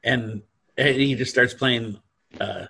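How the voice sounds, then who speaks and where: A man's voice: medium pitch, slow, vocal fry, pushed and bright, husky. A man co-hosting a podcast, chatting keenly and trailing off mid-sentence. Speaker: podcast co-host. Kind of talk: casual chat.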